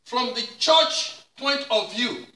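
Male pastor, very high bright voice, slow deliberate preaching, echoey room, a bit away from the mic. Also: animated, recorded from a distance. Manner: repetitive call-and-response preaching, rising to shouts. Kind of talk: sermon.

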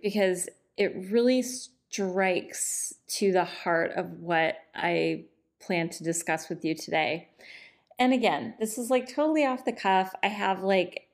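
Slow-talking woman hosting a chatty podcast. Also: medium pitch. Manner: relaxed and chatty, many "like"s and "um"s. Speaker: podcast host and divorce coach. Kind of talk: off-the-cuff podcast monologue. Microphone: podcast microphone.

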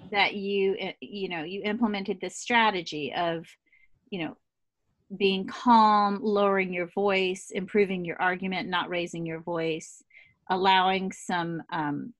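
A woman's voice: medium pitch, dry recording. Affirming woman podcast host. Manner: warm, affirming questioner with fillers. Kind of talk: conversational interview.

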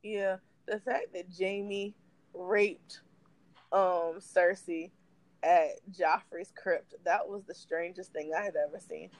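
A woman's voice: fairly low pitch, slow pace, dry recording, poor audio. A young adult woman co-hosting a podcast, chatting candidly and acting out quotes as she tells stories. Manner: candid, animated storytelling with acted-out quotes. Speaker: podcast co-host. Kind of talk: casual chat.

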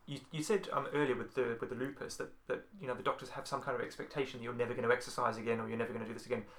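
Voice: medium pitch, fairly even intonation, a bit bright. An interviewer asking questions and giving short, encouraging responses in a casual chat. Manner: supportive, quick interjections and encouraging comments.

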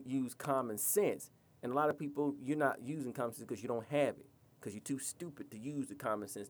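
A man rants on his podcast with a blunt, scolding delivery and plenty of profanity. His speaking voice sits at an ordinary, mid-range pitch. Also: a little mellow. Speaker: podcast host. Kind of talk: podcast rant.

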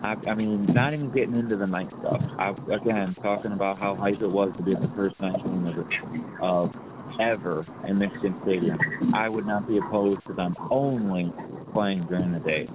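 A man with a lowish voice co-hosts a sports podcast, blunt and hyped, with plenty of swearing. His voice sounds thin and phone-like, with clear background noise underneath. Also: steady tone, brisk. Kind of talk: casual sports chat. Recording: tinny phone-like line with hiss.

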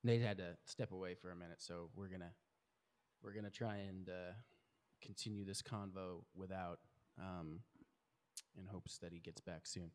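A man's voice: sits low, fairly even intonation, normal speed, darkish tone. A man in his thirties hosting a casual podcast chat, swearing freely and laughing often. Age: 30s. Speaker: podcast host.

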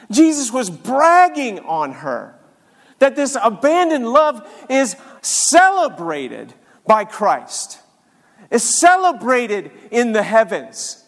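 Slow, high-voiced preacher in a reverberant hall. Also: male voice, wildly swooping pitch. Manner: swings from hushed reading to fervent exclaiming prayer. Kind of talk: sermon.

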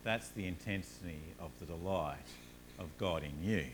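A man preaching a sermon, telling everyday stories with rising energy, then dropping low and soft to make his points. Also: moderate pace, noisy background. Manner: earnest, rises animatedly in stories, drops low and soft on points. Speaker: pastor.

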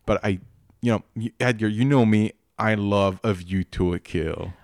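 A man with a French Canadian accent co-hosting a podcast in casual chat, halting with many restarts and fillers. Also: on the low side, a little mellow, dry recording, studio quality. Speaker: podcast co-host.

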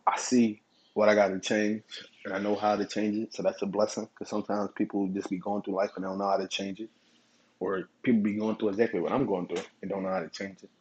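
A man hosting his own podcast, telling stories in a relaxed, profane way and chuckling often. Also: on the low side, fast talker, slight background noise, low-quality recording. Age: adult. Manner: laid-back, profane storytelling with chuckles. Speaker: podcast host. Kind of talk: casual solo podcast monologue.

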